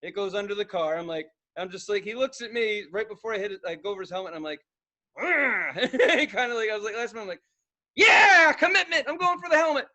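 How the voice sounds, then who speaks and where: A young man co-hosting a podcast, telling stories in a casual, profane, animated way, acting out loud outbursts and laughing along. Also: high-pitched, rapid-fire, hardly any pauses. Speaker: podcast co-host. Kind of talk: casual storytelling chat.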